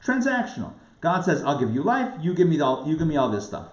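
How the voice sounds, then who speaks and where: A man, a rabbi, giving a lively lecture, asking rhetorical questions and acting out quoted voices. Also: on the high side, brisk. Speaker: rabbi teaching a class. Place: recorded live class. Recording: roomy, dull lo-fi sound.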